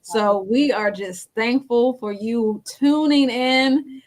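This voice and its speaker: A woman's voice: fairly high pitch, slow, poor audio. A woman co-hosting a talk show, speaking in an easygoing, folksy way and reading scripture aloud. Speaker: co-host. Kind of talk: casual chat and scripture reading.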